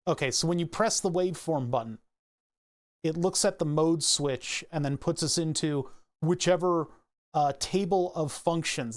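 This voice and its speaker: A man casually walking through his microcontroller code, rambling and self-correcting, laughing at himself now and then. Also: on the high side. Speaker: hobbyist electronics maker.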